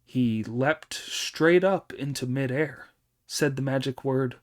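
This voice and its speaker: A man reads a classic tale aloud as audiobook narration. His delivery is slow and measured, every phrase given room. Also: medium pitch. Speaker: audiobook reader.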